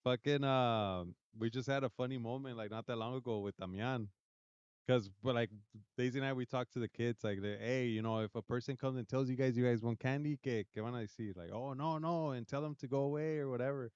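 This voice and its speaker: A man's voice: mid-range voice, fairly quick, a little mellow, clean tone, no echo, highs cut off. A young man from South Central Los Angeles, hosting a casual podcast chat, swearing often and switching between English and Spanish. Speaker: podcast host.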